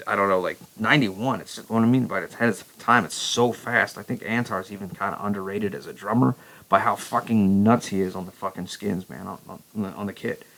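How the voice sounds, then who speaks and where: Male vlogger with a low, gravelly voice, profane and rambling. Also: a little fast, a bit bright, low-quality recording. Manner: profane, rambling, enthusiastic, many restarts. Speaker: metal vlogger and vocalist. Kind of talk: casual record review chat.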